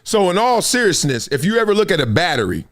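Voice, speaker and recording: A man with a higher-than-usual voice hosts a live sports show. His pitch swings widely as he preaches, acts out little scenes and breaks into laughs. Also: very animated, quick pace. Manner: preachy storytelling, acts out quotes, laughs often. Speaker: host. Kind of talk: animated sports talk.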